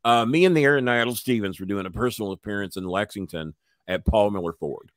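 A man's voice: fairly low pitch, quick pace, no echo, clean studio sound. An older man with a cough, telling a story bluntly and with heavy swearing. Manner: blunt, swears freely, acts out voices. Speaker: podcast guest. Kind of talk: profane storytelling.

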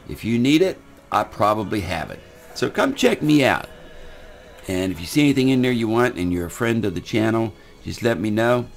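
Older man, low-pitched, folksy rambling game commentary, faint music behind. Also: gravelly. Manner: folksy, rambling, repeats words. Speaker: gaming channel host.

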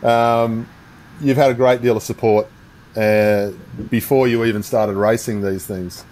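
A man's voice: fairly low pitch, fairly even intonation, unhurried, a little mellow, low-quality recording. An Australian man hosting a casual interview, joking around and encouraging his guests. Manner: jokey and encouraging. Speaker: interview host.

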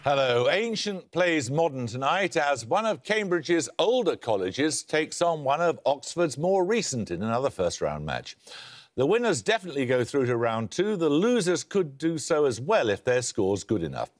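A man hosting a televised quiz show, reading questions and introductions in a crisp, precise manner with dry wit. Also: fairly high pitch, sing-song, moderate pace. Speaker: quizmaster.

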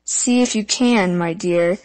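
A woman voicing a tiny, mischievous male water sprite with a shrill, gloating manner in a storybook reading. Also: slow, darkish tone, no echo, rough recording. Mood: gleeful. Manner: gloating, playful.

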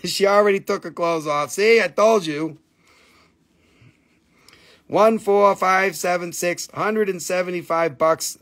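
A man's voice: on the high side, fairly bright tone. A man selling crystals on a live stream, joking with crude asides and crooning over the stones. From Appalachian Valley, United States. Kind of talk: casual live sales chat.

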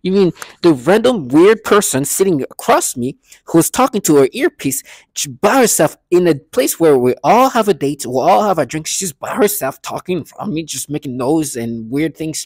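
A man's voice: fairly high pitch, animated, moderate pace, a little mellow, no echo, studio quality. A man ranting in a vlog monologue, agitated and scornful, repeating himself often. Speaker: vlogger.

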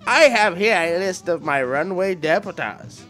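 A man's voice: high voice, expressive, soft background music, pitched above the performer's own voice. A man reading a storybook intro aloud, voicing a sleazy devil casino boss in a hammy 1930s gangster style. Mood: gloating. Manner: loud, hammy, drawn-out threats.

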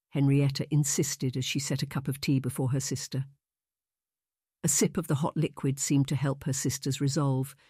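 A woman narrating a historical romance audiobook in a measured, unhurried reading. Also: a bass voice, warm tone, no room sound, clean studio sound. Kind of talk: scripted narration.

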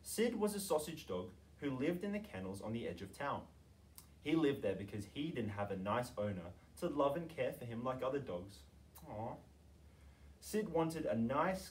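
Man, teacher, picture book reading, animated, expressive, lively pitch, distant mic.

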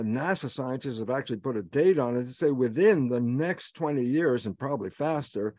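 A man's voice: mid-range voice, darkish tone, dry recording, clean studio sound. A man giving an emphatic webinar talk, lecturing and answering his own rhetorical questions. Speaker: guest speaker.

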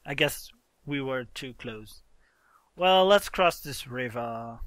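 A man's voice: medium pitch, animated, slow, a bit bright, no echo, studio quality. A man hosting a casual let's-play, explaining game mechanics and exclaiming in exasperation as he plays with a friend. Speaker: gaming channel host.

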